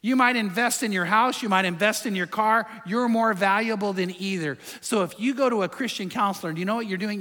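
A man's voice: high-pitched, brisk, few pauses, pushed and bright, long reverb tail. A man preaching a sermon in a conversational, emphatic way, asking his listeners rhetorical questions. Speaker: pastor.

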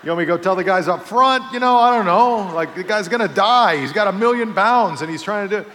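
A man preaching a sermon, telling a funny personal story with lively build-ups before easing into a quieter reflective close. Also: high-pitched, fast talker, a little hiss or hum. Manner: lively storyteller, builds to excited comic peaks then softens. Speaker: pastor. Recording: reverberant hall.

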